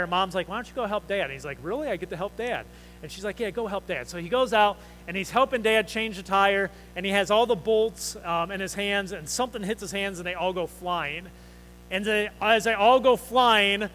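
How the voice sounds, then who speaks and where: A man's voice: high-pitched, pushed and bright, slight background noise, rough recording. A man preaching a sermon in a conversational, storytelling way, asking the congregation questions. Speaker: pastor.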